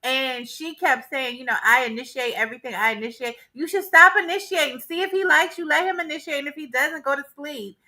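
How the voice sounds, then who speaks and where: A woman's voice: sits high, brisk, few pauses, pushed and bright. A woman co-hosting a casual recap chat, talking animatedly with frequent laughter and acting out quoted dialogue. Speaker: co-host.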